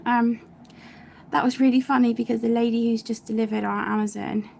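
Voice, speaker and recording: A woman's voice: on the high side, flat delivery, fairly quick, vocal fry, a little hiss or hum. A woman hosting a colouring channel, chatting casually during a live stream and often dropping to a near whisper. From United Kingdom. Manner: soft-spoken, often drops to a near whisper; chatty, warm-hearted, many fillers and restarts.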